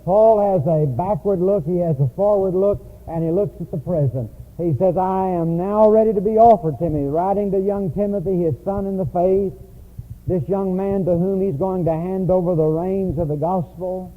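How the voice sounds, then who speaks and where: A man's voice: high voice, normal speed. A man preaching a sermon in a church, telling stories in a conversational way. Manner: storytelling, conversational. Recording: tinny lo-fi phone-like recording.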